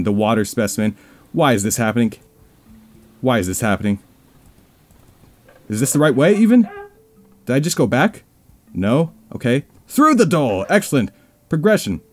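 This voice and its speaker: A man's voice: mid-range voice, a little mellow. A man giving playful, mock-scared commentary over a horror video game playthrough, joking and talking to himself as he goes. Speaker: let's play gamer.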